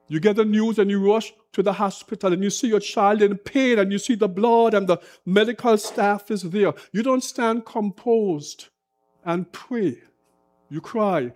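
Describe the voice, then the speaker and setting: High-voiced impassioned male preacher. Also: a little mellow. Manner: impassioned preaching, rhetorical questions, repetition. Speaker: pastor. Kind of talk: sermon.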